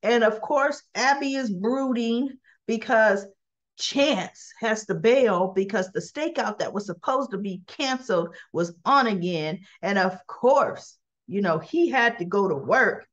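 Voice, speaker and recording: A woman's voice: fairly high pitch, expressive, unhurried, dull audio. A woman hosting a casual spoken recap of a soap opera episode. She rambles in a chatty way and fills her talk with "you know" and "um".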